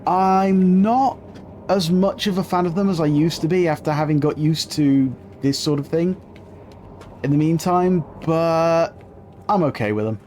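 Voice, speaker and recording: A man's voice: fairly high pitch, a little slow, a little mellow, a little hiss or hum. A man giving chatty live gameplay commentary as a streamer, swearing casually and talking to his chat.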